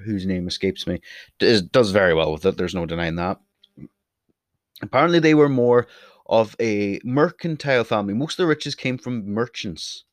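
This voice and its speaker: A man's voice: lowish voice, no echo. A young Irish man rambling casually in a vlog, blunt and swearing, sometimes drifting off the mic. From Ireland. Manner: chatty, blunt, swears, wanders off topic. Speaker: vlogger. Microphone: desk mic, sometimes turns away from it.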